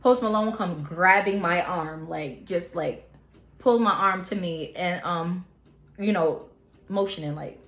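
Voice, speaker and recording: A woman's voice: on the low side, measured pace, a bit bright. A young woman vlogger telling a casual storytime, chatty with lots of filler words. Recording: echoey room.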